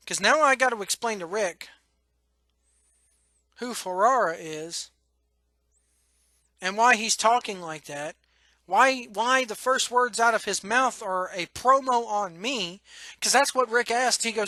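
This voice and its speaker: Blunt man ranting, bright dry voice. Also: high-pitched, no echo. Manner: frank, profane, emotional, halting restarts. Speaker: podcast host. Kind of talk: blunt personal rant.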